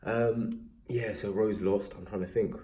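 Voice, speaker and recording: A man's voice: lowish voice, a little slow. A young English man recapping fight results in a rambling, self-deprecating casual chat. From England. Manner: rambling, self-deprecating, animated when excited. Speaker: MMA vlogger.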